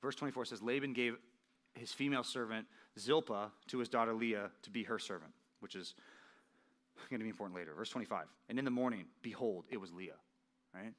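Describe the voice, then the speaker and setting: Bright-voiced conversational man preaching. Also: lowish voice, a little fast. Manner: conversational, animated, often asks the audience "right?" and "okay?". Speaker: pastor. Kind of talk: sermon.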